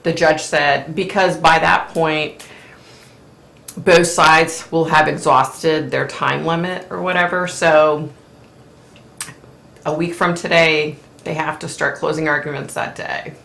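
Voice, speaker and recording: A woman hosting a casual live-stream chat, chatty and opinionated, clearing her throat often as her voice wears out. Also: low voice, steady tone, slow pace, fairly bright tone, roomy sound. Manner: chatty, opinionated, frequent fillers. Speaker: host.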